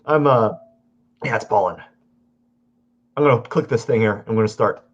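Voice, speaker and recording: A man's voice: fairly low pitch, moderate pace. A man chatting casually to his stream while he draws at home, rambling and correcting himself as he goes. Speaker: live-stream artist. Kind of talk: casual live-stream chat while drawing. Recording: dull lo-fi audio.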